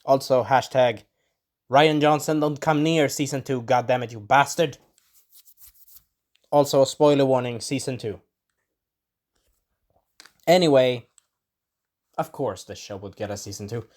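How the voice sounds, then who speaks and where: A man of middling pitch talks through an episode review in a loose, rambling way. He corrects himself mid-sentence and stops now and then to clear an irritated throat. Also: a little slow, pauses often, a little mellow. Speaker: show reviewer. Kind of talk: casual spoken episode review.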